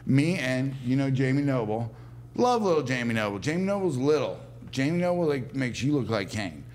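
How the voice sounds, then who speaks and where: A man's voice: medium pitch, very animated, fairly quick, darkish tone, slight background noise. A man as a podcast guest, telling rambling stories in casual chat with frequent fillers and chuckles. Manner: rambling, laughing anecdotes with many fillers. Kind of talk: casual storytelling.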